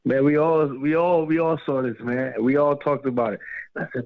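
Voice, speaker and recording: A man hosting a boxing podcast talks casually and excitably, slangy and tacking "man" onto his sentences. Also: medium pitch, moderate pace, no echo. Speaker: podcast host. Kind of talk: casual interview talk. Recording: tinny phone-like line, dry.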